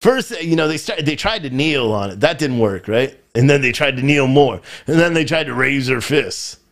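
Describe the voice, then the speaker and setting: A man's voice: mid-range voice, animated, normal speed, a bit bright. A man hosting a live political commentary show, talking in a frustrated, rambling way and often repeating himself. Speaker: podcast host.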